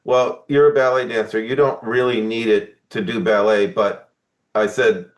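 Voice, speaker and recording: A man's voice: fairly low pitch, moderate pace. An older man, a former math teacher, chatting casually about politics and acting out quotes as he tells stories. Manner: animated storytelling with acted-out quotes. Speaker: guest.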